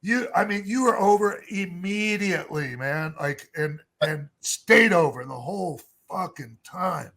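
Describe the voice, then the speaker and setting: A man's voice: high-pitched, animated, unhurried, hardly any pauses, fairly bright tone. A man hosting a casual chat, talking loosely, swearing freely and tacking "man" onto his sentences. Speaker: host.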